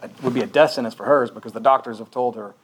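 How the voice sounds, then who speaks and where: A man's voice: mid-range voice, racing. Man, pastor, conversational sermon, earnest, faint background hum. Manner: earnest, questioning, with frequent restarts.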